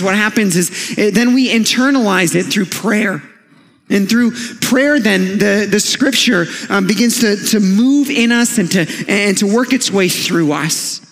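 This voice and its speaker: A man in his thirties preaching a sermon as a pastor, in a conversational storytelling manner with light humor. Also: sits high. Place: church sanctuary. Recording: long church hall reverb.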